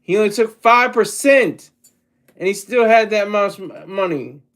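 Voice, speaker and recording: Guy from delaware rambling on about stuff, kinda high voice, cracks jokes and trips over his words. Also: a little slow, a bit bright. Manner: rambling, jokey, self-interrupting. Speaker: vlogger. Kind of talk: casual solo commentary.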